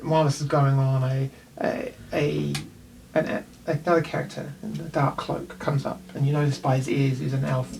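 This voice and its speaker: A man's voice: medium pitch, flat delivery, normal speed, gravelly, darkish tone, distant mic, slight background noise. A man with a New Zealand accent narrating a tabletop game as game master, in a loose, rambling way.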